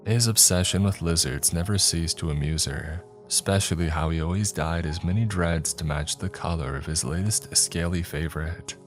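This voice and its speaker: Brief: deep-voiced man, calm scripted story narration, soft music bed. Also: normal speed, few pauses.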